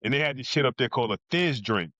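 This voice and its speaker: New Jersey man, podcast guest, mid-pitched, blunt and profane, acts out other people's lines; muffled, dry recording. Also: animated, quick pace, a bit bright, no room sound. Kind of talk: casual storytelling.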